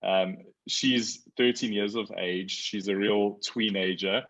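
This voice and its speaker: A man in his forties telling a story as a guest in a casual conversation, lively when he quotes others. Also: lowish voice, slow, low-quality recording.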